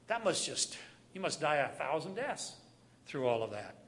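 A man preaching a sermon in an emphatic style, often repeating key phrases and moving between loud and quiet passages. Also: fairly high pitch, very animated, normal speed.

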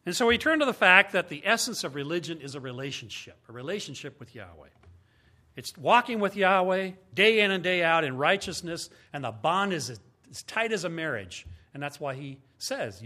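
Fields: Man, Bible teacher, lively high voice. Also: moderate pace. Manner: emphatic, explains step by step with rhetorical questions. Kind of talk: teaching sermon.

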